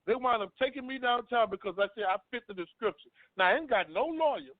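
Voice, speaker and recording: Over a dry-sounding phone line with no echo, an earnest man with an extremely high, expressive voice tells a personal story quickly. He is a guest on a talk panel and tends to repeat himself.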